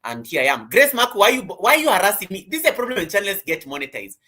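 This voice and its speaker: Male host, fairly high and bright, chatty and teasing, casual live-stream coaching. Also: sing-song, fast, husky. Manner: chatty, greets viewers by name, teasing.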